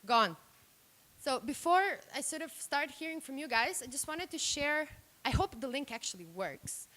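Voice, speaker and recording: A fairly high-voiced woman from Serbia and Slovenia gives a workshop talk into a microphone. She is blunt and animated and acts out the reactions she quotes. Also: moderate pace. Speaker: workshop speaker. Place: room. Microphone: handheld microphone.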